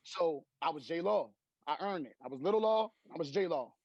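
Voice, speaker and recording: A man's voice: fairly high pitch, animated, fairly quick, darkish tone, husky, no echo, highs cut off. A young man, a rapper guest, telling his story in casual interview chat and breaking into rap verses.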